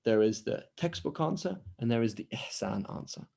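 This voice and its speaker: A man's voice: medium pitch, lively intonation, normal speed, gravelly, warm tone, breathy edge. A man teaching an online lesson and answering questions in a conversational way, often acting out quoted dialogue. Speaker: Islamic studies teacher. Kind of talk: online lecture with Q&A. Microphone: video call.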